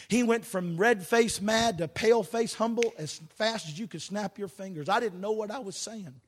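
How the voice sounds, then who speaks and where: A middle-aged man preaching a fervent sermon with a strikingly high-pitched voice. He tells his story in a rhythmic, sing-song cadence that climbs into full-throated shouting. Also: normal speed, hardly any pauses.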